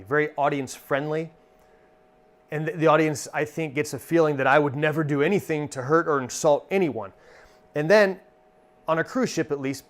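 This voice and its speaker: Friendly man teaching stage comedy lines. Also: a little high. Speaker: magician and comedy performer. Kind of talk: instructional talk.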